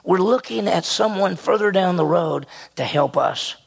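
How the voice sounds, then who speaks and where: An older male pastor delivers a sermon in a high, gravelly voice. He is animated and acts out the quotes he tells with sudden jumps in pitch. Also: normal speed.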